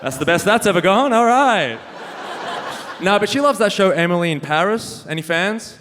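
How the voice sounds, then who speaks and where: This young man's stand-up set is punchy, wry, and self-mocking, with frequent laughs at his own material on a club stage. His high voice is expressive and fairly bright, at normal speed. Live venue reverb and faint noise are audible.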